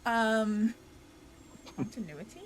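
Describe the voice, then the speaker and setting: A woman's voice: on the high side, takes it slowly, a little hiss or hum, low-quality recording. A woman running a tabletop game podcast as game master, chatty and often drifting off topic.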